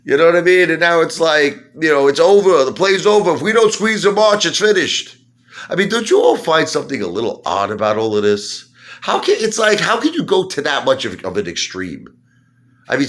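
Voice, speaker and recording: Brief: excitable male vlogger, rants and mocks, voice jumps up and down a lot. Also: a little high, a little fast. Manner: excitable, mocking, swings between loud and muttering. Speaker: stock-market video host. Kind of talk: animated ranting monologue.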